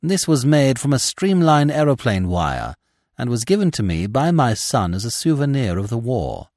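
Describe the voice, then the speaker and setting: A man's voice: mid-range voice, sing-song, moderate pace, darkish tone, no echo, studio quality, pitched above the performer's own voice. A man playing a proud, resolute widow. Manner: dignified, emotional.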